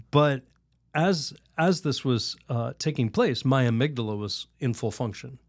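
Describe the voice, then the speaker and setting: A man, a priest on a podcast, telling a story and teaching in a lively, rambling way. He laughs often and restarts his sentences. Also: medium pitch, a little slow, no echo, studio quality. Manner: animated, laughs while telling stories; rambling restarts, many "you know"s. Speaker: Catholic priest, podcast guest.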